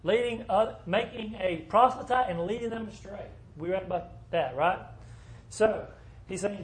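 A man's voice: high-pitched, measured pace. A man teaching a small Bible class in a conversational way, asking the group questions as he explains the passage.

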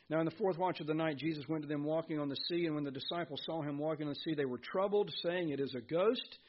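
A man's voice: a little high, fairly even intonation, fast talker, lo-fi sound. A man preaching a sermon as pastor, reading scripture and asking his listeners questions. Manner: earnest preaching, reads scripture aloud, asks the congregation questions.

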